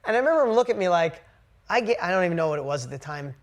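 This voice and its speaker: Blunt, lively woman coach telling a story to her group. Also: fairly low pitch, racing. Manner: candid, animated storyteller who swears casually. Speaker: business coach.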